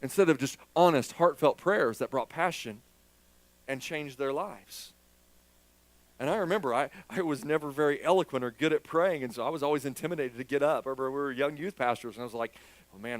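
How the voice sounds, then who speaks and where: A man's voice: on the high side, a little fast, dry recording, rough recording. A man preaching a sermon as a pastor in church, candid and self-deprecating, joking with his congregation.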